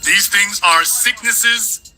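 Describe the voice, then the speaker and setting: Sarcastic, high-voiced male commentator. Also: slow pace, sharp tone, faint music behind, low-quality recording. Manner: emphatic, sarcastic, repeats lines for effect. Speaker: host. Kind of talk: political commentary.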